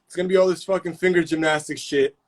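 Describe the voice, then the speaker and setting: A man's voice: a little high, quick pace. A man hosting a casual live-stream chat, telling stories in heavy slang with constant swearing. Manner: profane, animated storytelling with slang.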